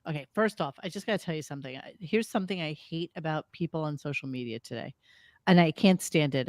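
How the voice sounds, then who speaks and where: Low-voiced ranting woman host. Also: brisk, dry recording, studio quality. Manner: ranting, sarcastic, profane. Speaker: podcast host. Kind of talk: casual chat.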